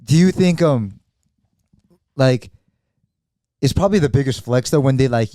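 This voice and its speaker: A laid-back male host asks questions in a slangy, rambling way. His voice is mellow and dark. The sound is dry and close. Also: medium pitch, lively intonation, measured pace, dry recording. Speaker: podcast host. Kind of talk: casual interview.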